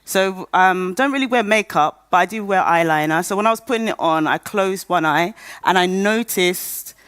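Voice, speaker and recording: On a conference stage, a woman in her thirties shares her personal story as a patient speaker, her low-leaning, fairly bright voice smooth and at a moderate pace in a dry recording. She is candid and funny, and imitates the voices of the people she quotes.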